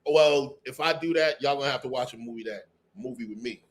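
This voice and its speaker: A man's voice: medium pitch, a little fast, a crowd in the background. Joking man swearing in casual chat. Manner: profane, joking, defiant.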